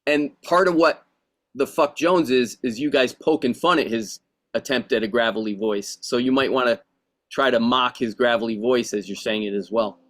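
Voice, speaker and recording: A man giving calm, explanatory notes to actors at a rehearsal. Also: medium pitch, normal speed.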